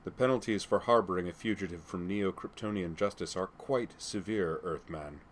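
A man's voice: deep voice, normal speed, a little hiss or hum, natural voice. A man reading the lines of a cold, imperious alien male enforcer who growls his threats.

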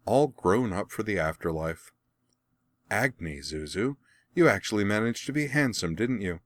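A man's voice: lowish voice, expressive, moderate pace, no room sound, close to an everyday voice. Brief: a man doing a haughty, wry young princess for an audiobook, cool and dismissive, a lifted voice over a dry, close read.

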